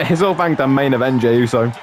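A man's voice: medium pitch, expressive, normal speed, background noise. A man giving casual, joking let's-play commentary, laughing often and calling people mate. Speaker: gameplay commentator.

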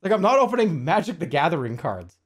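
Working on a puzzle during a casual livestream, a man in his forties jokes and swears as he talks to viewers. His voice is fairly high, swings widely in pitch, and moves fast.

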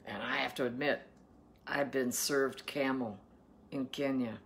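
A woman's voice: extremely low pitch, unhurried. A woman from Ohio, reading the Bible aloud and breaking off for chatty, folksy asides and questions to her listeners. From Ohio, USA. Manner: chatty, asks listeners playful questions between verses. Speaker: daily Bible reader and host.

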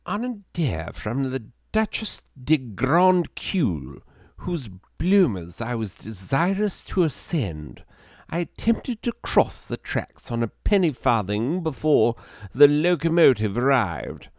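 A man voicing a pompous old-timey English gentleman in a plummy put-on voice, slow and theatrical. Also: mid-range voice, big pitch swings, no echo, clean studio sound, voice pushed up. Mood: mock grandiose.

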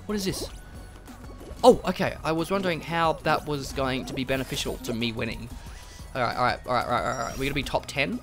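A gaming host giving let's play commentary, excitable and swearing, swinging from mutters to shrieks. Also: mid-range voice, a little fast, faint music behind.

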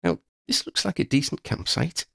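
A man reading the part of a brisk, no-nonsense young woman in an audiobook, with a wry delivery. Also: mid-range voice, big pitch swings, creaky, a bit bright, dry recording, studio quality, voice pushed up, exaggerated voice.

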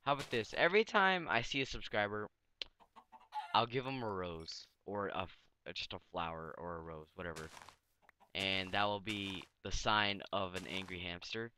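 A young man talks through a block-building game in a loose, tired mumble that jumps into sudden excitement. His voice sits on the low side yet sounds bright and a little tense. Faint hiss and clicks sit under his casual commentary. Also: moderate pace. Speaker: gaming channel host. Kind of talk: casual let's-play commentary.

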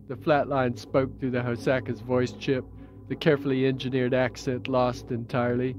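A man reading his own novel as an audiobook in a measured, even way, heard as dull old tape. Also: medium pitch, faint music behind. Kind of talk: audiobook narration.

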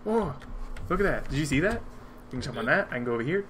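A playful man plays a puzzle game on camera, reading the characters' lines aloud for fun. His voice sits fairly high and swoops with lively intonation. Faint room noise and keyboard typing sit behind him. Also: fast. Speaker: gamer playing on camera. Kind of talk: casual let's-play banter.

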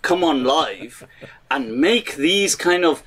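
A man's voice: on the high side, expressive, slow pace, fairly bright tone. A man giving mocking commentary, telling a story with frequent laughter and Urdu phrases mixed into his English. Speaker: online commentator.

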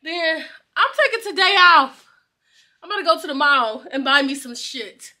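Excitable high bright-voiced woman vlogger. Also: normal speed. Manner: excitable, laughs often, slangy. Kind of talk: casual vlog chat.

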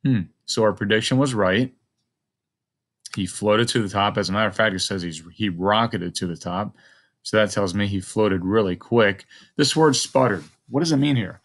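A man's voice: fairly low pitch, moderate pace, a bit bright. A male teacher reading a story aloud to children, thinking aloud and asking the listener questions as he models a close read.

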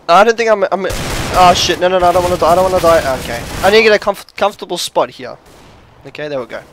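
A man commentating his own shooter gameplay, swinging between frustrated shouts, rants and quiet muttering. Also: sits high, expressive, moderate pace, background noise. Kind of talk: gaming commentary. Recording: game gunfire behind the voice. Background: gunfire from the game.

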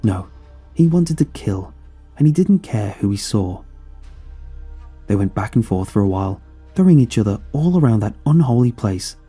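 Dark husky male horror narrator. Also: on the low side, big pitch swings, faint music behind. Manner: somber, measured storytelling.

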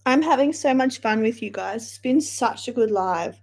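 A woman's voice: fairly high pitch, lively intonation, moderate pace, darkish tone, slightly rough. A young woman hosting a casual livestream, chatting in a chatty, dramatic way and swearing freely. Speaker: livestream host.

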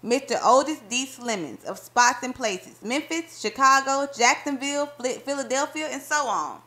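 A woman's voice: high-pitched, normal speed, sharp tone, pitched above the performer's own voice. Woman reading as a boastful young husband, folksy and joking, story read aloud. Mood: teasing. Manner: playful banter in folksy dialect.

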